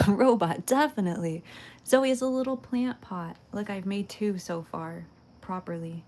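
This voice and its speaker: A woman's voice: mid-range voice, measured pace, a little mellow. A young woman livestreaming while making pottery, chatting casually and giggling with her viewers. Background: faint game music.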